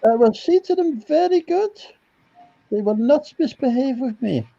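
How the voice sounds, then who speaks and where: A man's voice: very high-pitched, lively intonation, normal speed, creaky, mellow, dry recording, voice pushed up, exaggerated voice. A man putting on the voice of a prim, formal elderly woman nanny over a video call. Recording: dull lo-fi call audio.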